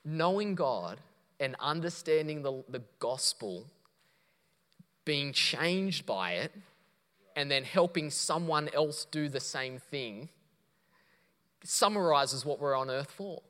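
A man's voice: fairly high pitch, expressive, takes it slowly, pauses often, bright, forceful tone. A man preaching a sermon, telling a story and quoting others before building to emphatic points. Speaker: pastor. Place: church auditorium. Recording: long reverb of a church hall.

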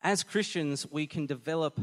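A man preaching a sermon, animated and emphatic, often repeating phrases for effect. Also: on the high side, normal speed. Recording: long hall reverb.

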